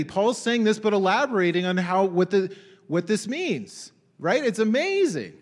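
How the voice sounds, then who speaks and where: A man's voice: sits high, normal speed. A young man preaching a sermon, reading scripture aloud and exclaiming in wonder as he questions his listeners. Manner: animated, exclaims and asks the congregation questions.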